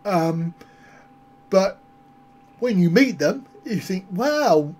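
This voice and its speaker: A man's voice: high-pitched, lively intonation, slow pace, darkish tone. A man on a casual live stream, answering viewer comments in a rambling, self-mocking way. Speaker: travel vlogger answering live chat.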